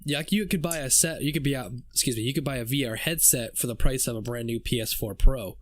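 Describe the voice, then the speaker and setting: A man's voice: mid-range voice, fast, a bit bright, no echo, clean studio sound. A man co-hosting a casual gaming podcast, chatting in an upbeat, playful way and giving his opinions. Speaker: podcast co-host.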